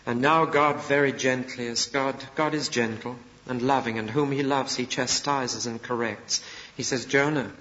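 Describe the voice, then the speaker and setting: A man's voice: mid-range voice, normal speed. A man preaching a sermon, retelling a story and acting out its voices with feeling. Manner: expressive storytelling, acting out voices of prophet and God. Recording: dull lo-fi recording with long reverb.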